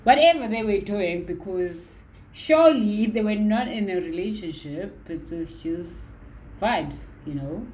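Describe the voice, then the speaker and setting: A woman hosting a reaction video, giving amused, drawn-out casual comments. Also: mid-range voice, expressive, a little mellow, slight background noise, rough recording.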